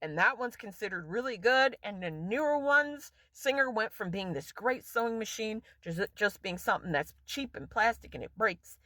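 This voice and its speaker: A woman's voice: medium pitch, expressive, normal speed, few pauses, pushed and bright, dry recording. A woman vlogger delivering an angry, profane rant straight to camera in a casual monologue.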